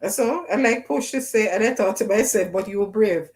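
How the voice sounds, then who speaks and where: A woman's voice: a little high, fairly quick. Chatty Jamaican woman hosting a livestream. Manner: chatty, shouting out names from the chat. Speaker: livestream host. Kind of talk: casual live chat with viewers.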